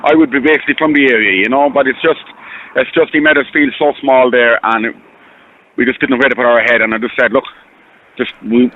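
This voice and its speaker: A man's voice: medium pitch, steady tone, fairly quick. A man with an Irish accent calling in to a radio show, telling his story in a rambling, earnest way and repeating himself. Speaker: caller. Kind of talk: phone-in radio call. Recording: tinny phone line.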